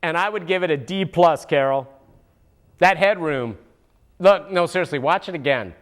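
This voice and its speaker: A man's voice: on the high side, moderate pace, natural voice. A man voicing a wisecracking male monkey puppet in a comic political commentary, goofy and mocking, with sudden whooping outbursts. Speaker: puppet show host.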